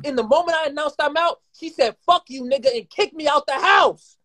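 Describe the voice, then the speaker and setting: A man in his twenties talking heatedly and rapidly as a guest in a live conversation, swearing often and rambling. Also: extremely high pitch, animated, bright, forceful tone. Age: 20s. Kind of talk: emotional live-stream conversation.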